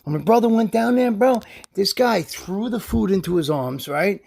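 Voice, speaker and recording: Animated and high-voiced, with vocal fry and a darkish tone, a man vlogs a lengthy, profane story at a moderate pace. He's heated and indignant as he rambles, tossing "you know" and "right?" into every line.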